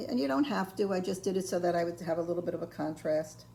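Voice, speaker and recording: An older woman giving a patient, step-by-step ceramics painting lesson, filling pauses with ums and okays. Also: fairly low pitch, lively intonation, vocal fry, dark tone, slight background noise. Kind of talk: step-by-step craft tutorial.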